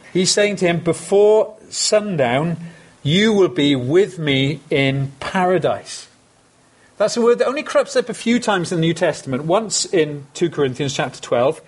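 A man's voice: on the high side, breathy edge. A man preaching a sermon, earnest and conversational, with emphatic asides to his congregation.

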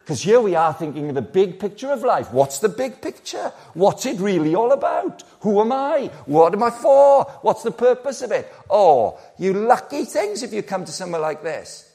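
Male preacher, 60s, high-ish voice, lots of rhetorical questions, casual sermon delivery. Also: moderate pace, creaky, hardly any pauses. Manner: lively, conversational, rhetorical questions, playful asides.

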